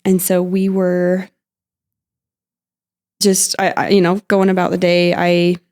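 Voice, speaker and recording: A young woman guest on a podcast, recounting her mother's hospital visit in a halting, emotional way, with many fillers and restarts. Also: fairly low pitch, completely flat delivery, darkish tone, clean tone. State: emotional, near tears at times. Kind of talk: emotional personal storytelling.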